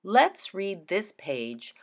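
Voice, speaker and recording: In this recorded lesson, a female teacher demonstrates reading aloud to children in a deliberate, expressive manner. Her voice sits at a medium pitch.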